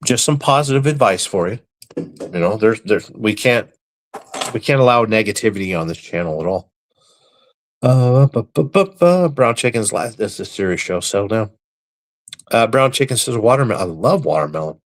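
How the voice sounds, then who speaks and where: A man hosting a live stream, reading viewer comments aloud and answering them with deadpan, crude, mock-serious jokes. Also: lowish voice, moderate pace. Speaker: livestream host reading chat. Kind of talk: casual live-stream banter.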